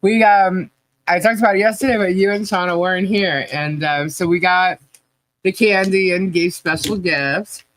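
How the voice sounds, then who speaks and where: A woman hosting a live podcast stream and reading the chat, chatty and halting, laughing often. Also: lowish voice, steady tone, a bit bright, poor audio.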